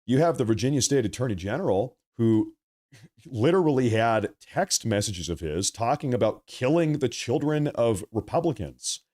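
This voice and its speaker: A man's voice: mid-range voice, expressive, normal speed, darkish tone. A young man hosting a live political stream, ranting in a heated, rambling way and reading from the chat. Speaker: political livestream host.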